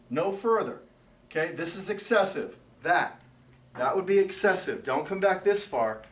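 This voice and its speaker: A male personal trainer coaching a workout, counting reps out loud and giving short commands. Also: high-pitched, distant mic. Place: gym. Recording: echoey gym, voice away from mic.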